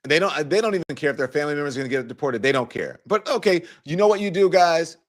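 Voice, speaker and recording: A middle-aged man hosting a casual opinion show, talking straight to viewers in a lively, mocking way. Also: a little high, fast. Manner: animated, mocking, acts out quoted voices. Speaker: show host.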